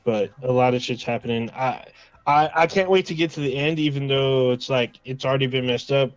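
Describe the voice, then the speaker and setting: A man's voice: medium pitch, a little fast, smooth, no room sound, lo-fi sound. A man in a casual livestream chat, talking at an easygoing, rambling pace. His voice sits mid-range and sounds close and dry. He keeps slipping into quoted reactions. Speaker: podcast co-host.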